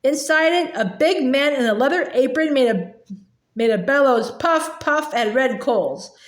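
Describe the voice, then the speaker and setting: A woman reading a children's book aloud in a halting way, with fillers and restarts. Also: sits high, expressive. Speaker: reader. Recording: echoey room.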